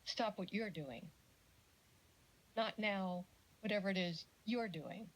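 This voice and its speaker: A middle-aged woman giving a casual lecture on parenting, chatty and animated, with jokey asides and little acted-out quotes. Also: medium pitch, normal speed, a little hiss or hum, poor audio. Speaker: speaker giving a talk on parenting.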